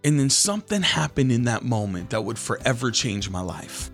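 A man hosting a devotional podcast, telling a story in an animated, casual, preacher-like way. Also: medium pitch, normal speed, soft background music. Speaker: podcast host.

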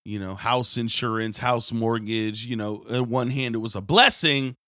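A man preaching a radio sermon, telling everyday stories and mimicking people in a high, whiny voice. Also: normal speed, no echo, clean studio sound. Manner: animated storytelling, mimics others in a high whiny voice.

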